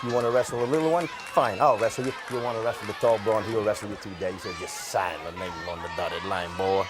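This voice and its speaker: A man, a wrestler, cutting a loud, folksy, bragging promo and calling people brother and Daddy. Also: fairly low pitch, fast, a crowd in the background.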